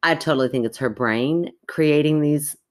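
A woman co-hosting a podcast, reading a listener's story aloud in an animated, chatty way and breaking off to react. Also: low-pitched, normal speed. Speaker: podcast co-host.

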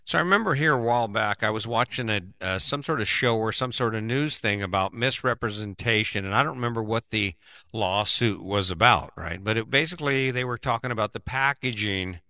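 A man's voice: fairly low pitch, fairly quick, pushed and bright, no room sound. A middle-aged man giving a casual, rambling opinion monologue, often tagging on "right?". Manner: rambling, keeps asking "right?".

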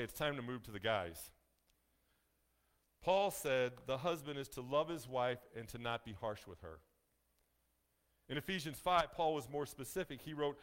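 A male pastor preaching a sermon in a folksy, joking way, slowing down to stress key phrases. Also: medium pitch, lively intonation. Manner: folksy, joking asides to the congregation; emphatic, slows down on key phrases.

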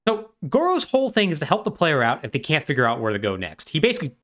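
A man co-hosting a podcast, retelling a game's story in animated, casual chat full of "like". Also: a little high, fast talker. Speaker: podcast co-host.

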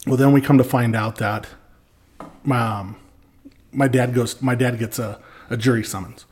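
Male podcast guest, mid-pitched, spins an animated yarn and acts out every quote. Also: a little slow. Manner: animated, acts out quoted lines with swearing and laughs. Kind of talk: casual storytelling.

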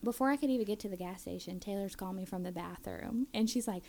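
A woman's voice: mid-range voice, fast talker, gravelly, a little mellow, a little hiss or hum. A woman in her thirties telling a family story casually and animatedly, acting out her kids' voices.

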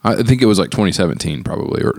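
Lively, sheepish young man on a podcast. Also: fairly low pitch, very fast, no echo, clean studio sound. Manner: sheepish, self-deprecating, animated. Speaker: podcast co-host. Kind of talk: casual podcast chat.

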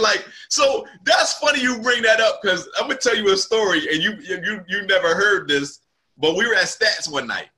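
A man's voice: high voice, expressive, moderate pace, sharp tone. A male comedian in casual conversation, animatedly telling a story and acting out what people said.

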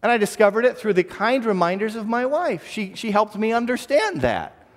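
A man's voice: sits high, big pitch swings, normal speed, in a large hall. A man preaching a sermon as pastor, earnest, often repeating a word as he restarts a phrase.

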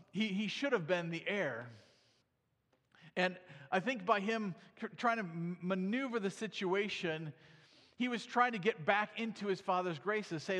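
A man preaches a sermon, reading scripture aloud and then explaining it conversationally, often asking "right?". His voice is high-pitched and a bit bright, and the recording carries a long hall reverb.

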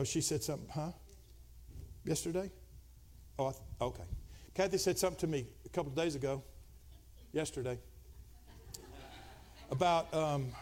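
A middle-aged man preaching a Pentecostal sermon, dropping to quiet conversational talk and then climbing into shouted, fervent preaching. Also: on the high side. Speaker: pastor.

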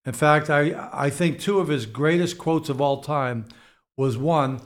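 A man in his sixties, a real estate executive speaking as a podcast guest, talking in a slow, deliberate and reflective way. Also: a little high. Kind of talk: podcast interview conversation.

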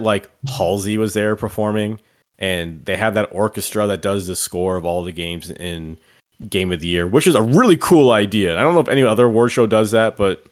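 A man with a deep, low voice co-hosting a casual podcast. He rambles enthusiastically and drops the odd curse along the way. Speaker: podcast co-host. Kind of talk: casual chat.

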